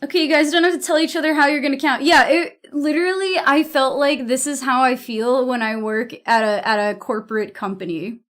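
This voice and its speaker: A young East Coast-raised streamer with a high voice rambles loosely to her chat, blunt and swearing freely, often stopping mid-thought to start over. She talks briskly with hardly any pauses, and her voice sounds a bit bright.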